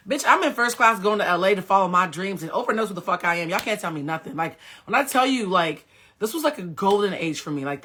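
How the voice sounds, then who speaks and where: A woman telling a story on a livestream in a casual, animated and dramatic way, swearing freely. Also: fairly low pitch.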